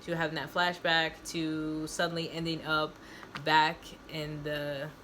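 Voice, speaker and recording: A woman's voice: low voice, little pitch movement, measured pace, bright, forceful tone, slight background noise. A woman host casually recapping a story, rambling and repeating herself as she explains.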